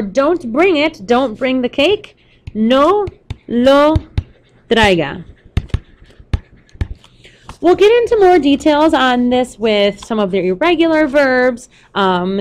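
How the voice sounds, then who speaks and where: A young adult woman teacher talks students through grammar notes. Her voice sits a little high, and she explains patiently, step by step, with some "um"s. She speaks close to the mic. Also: darkish tone. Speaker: Spanish teacher. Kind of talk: recorded classroom lesson.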